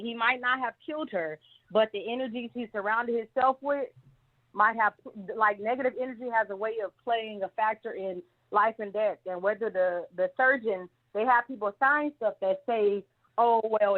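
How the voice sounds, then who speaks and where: A woman calling in to a talk show, giving her opinion in a rambling, opinionated way. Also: fairly high pitch. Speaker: caller. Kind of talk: call-in opinion. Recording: tinny phone line.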